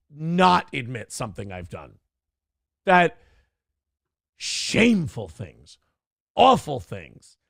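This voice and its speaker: A man's voice: sits high, creaky, dry recording, studio quality. A man in his thirties hosting a livestream, casually chatting with viewers and reading out donation messages, laughing and bantering often. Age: 30s. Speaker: livestream host.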